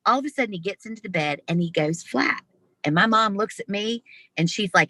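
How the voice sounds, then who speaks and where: A woman being interviewed over a video call, telling a personal story in a lively, expressive way. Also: medium pitch, fairly quick, no room sound. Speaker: interview guest. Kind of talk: storytelling in conversation.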